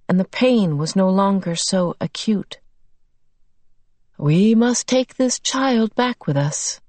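Unhurried woman audiobook narrator. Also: medium pitch, a little mellow, no echo. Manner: measured, unhurried reading. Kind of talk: scripted narration.

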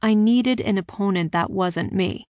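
A woman reading a first-person fantasy story aloud with steady, expressive narration. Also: medium pitch, a little slow, dry recording, studio quality.

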